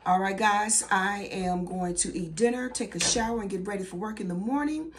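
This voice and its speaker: A middle-aged woman teacher and mom chatting casually to her viewers in an expressive, talkative way. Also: medium pitch, moderate pace, husky. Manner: chatty and expressive, addresses viewers warmly as "baby" and "y'all". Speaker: elementary school teacher and mom. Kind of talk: casual vlog chat.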